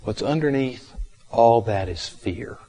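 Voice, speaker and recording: A man giving a reflective meditation talk, telling a counseling story gently and unhurriedly, with frequent pauses and fillers. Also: mid-range voice, lively intonation.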